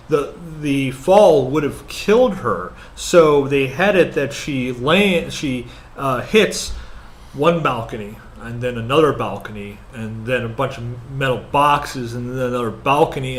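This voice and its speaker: A man co-hosting a casual movie review chat, rambling and hesitant with lots of fillers, then growing animated. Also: mid-range voice, slight background noise. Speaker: podcast co-host.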